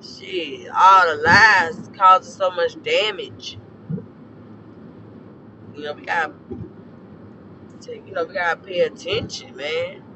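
A man with a hoarse, scorched throat, giving a blunt, profane and preachy casual rant as a podcast host. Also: sits high, slow, pauses often, background noise.

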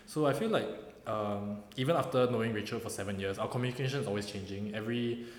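A young man with a Singaporean English accent chats as a podcast guest, relaxed and quick. His mid-pitched voice rings in an echoey room with a long reverb tail. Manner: laid-back, restarts and fillers, laughs often. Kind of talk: casual podcast chat.

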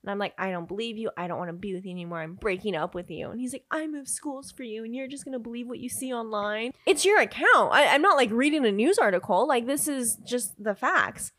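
A young woman telling a story in casual chat, animated, acting out the quotes, and laughing often. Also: fairly high pitch, fast, few pauses, no echo.

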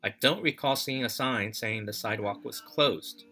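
A man telling a personal story as podcast host, reflective and halting, with many fillers and restarts. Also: mid-range voice, bright, forceful tone.

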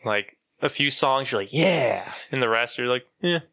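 A man co-hosting a casual podcast, laid-back and quick to laugh. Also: medium pitch, sharp tone, clean tone. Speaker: podcast co-host. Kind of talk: casual chat.

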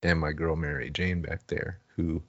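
A man's voice: rumbling low, level tone, moderate pace, muffled recording. A man playing a tabletop game, speaking brashly and profanely in character. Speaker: player. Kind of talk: tabletop role-play.

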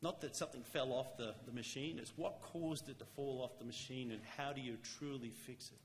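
A man giving a sermon in a church, talking earnestly and conversationally, slowing down to stress key lines. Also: mid-range voice, fairly even intonation, in a large hall. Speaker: lay church speaker. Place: church chapel.

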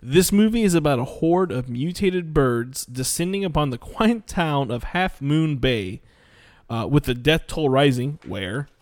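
A man's voice: a little high, lively intonation, unhurried, dry recording, clean studio sound. A man chatting casually about a bad movie, rambling, swearing and trailing off mid-thought. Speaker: podcast co-host reviewing bad movies. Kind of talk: casual profane chat.

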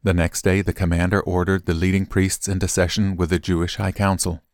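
Male scripture reader with a low, steady voice and a measured, unhurried read. Dry, close sound. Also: dry recording. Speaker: Bible reader.

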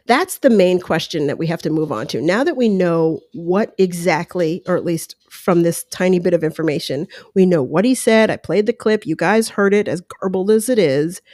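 Speaking at a moderate pace with few pauses, a woman with a fairly low, slightly mellow voice hosts a podcast from home. She offers casual solo commentary, working through ideas with asides and quoted voices. Using headphones and a close mic, she gets dry, studio-quality sound; a dog laps water in the background.

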